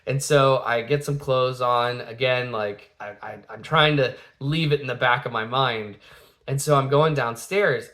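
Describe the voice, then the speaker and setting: A man's voice: mid-range voice, measured pace, a bit bright. A man in his thirties, a father telling a family story in a casual, rambling way, full of fillers and restarts, acting out the quotes.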